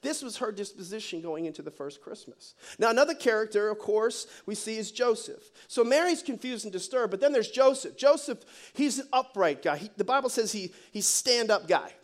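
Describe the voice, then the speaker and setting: High-voiced, animated male preacher. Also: fairly quick. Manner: animated, joking, conversational preaching. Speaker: pastor. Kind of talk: sermon.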